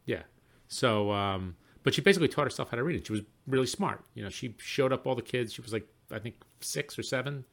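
A middle-aged man co-hosting a podcast, chatting casually and telling stories with lively exclamations. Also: medium pitch, brisk, gravelly. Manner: animated storyteller, exclaims often. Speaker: podcast co-host. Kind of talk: casual chat.

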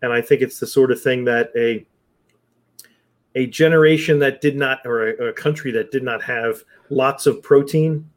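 A man's voice: medium pitch, moderate pace. A man in a casual talk-show chat, rambling and restarting his sentences as he explains. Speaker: podcast co-host.

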